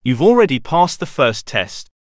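A man's voice: a little high, sing-song, moderate pace, no room sound, clean studio sound. A man voicing an encouraging, upbeat male animal pirate in a storybook. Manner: reassuring, upbeat.

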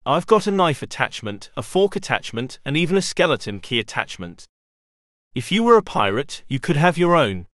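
A man's voice: fairly high pitch, big pitch swings, fairly bright tone, dry recording, clean studio sound. A man voicing a short, boastful male pirate rat in a storybook. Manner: boastful, drawn-out.

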